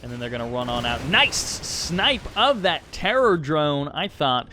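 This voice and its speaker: A man's voice: fairly high pitch, sing-song, measured pace, background noise. An American man giving casual, chatty play-by-play commentary on a strategy game, upbeat and self-deprecating.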